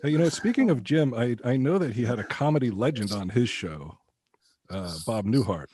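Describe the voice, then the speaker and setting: A man's voice: medium pitch, expressive, moderate pace, warm tone, husky, dry recording. A man on a comedy podcast who plays the mock-earnest interviewer, asking questions with small hesitations. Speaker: podcast co-host. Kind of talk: casual comedy chat.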